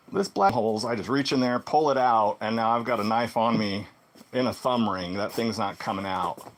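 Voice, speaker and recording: Animated man telling a story. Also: slight background noise. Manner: animated, swings between loud exclaims and low muttered asides. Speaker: vlogger. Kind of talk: casual storytelling monologue.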